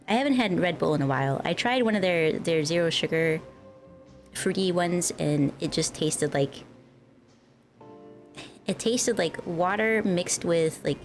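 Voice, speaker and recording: A young woman from the northern United States, chatting casually with her stream viewers in a rambling, giggly way. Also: on the low side. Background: faint music.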